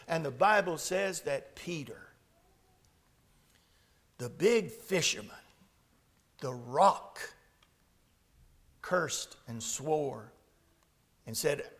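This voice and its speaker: A man preaching a sermon, retelling a Bible story with dramatic shifts between loud and hushed delivery. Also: a little high, expressive, drawn-out words, long pauses.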